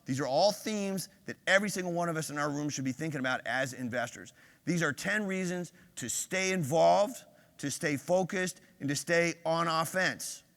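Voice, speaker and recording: Older male keynote speaker, fairly high and bright-toned, punchy stage delivery that pokes questions at the crowd, hall reverb. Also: creaky. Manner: energetic, quizzes the audience with quick questions. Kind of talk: conference keynote. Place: large conference hall.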